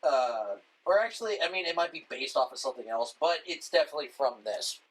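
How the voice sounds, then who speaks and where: Lively man in casual swearing chat. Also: a little high, fast, breathy edge, rough recording. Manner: swearing, joking, mimics others in short bits. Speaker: podcast co-host.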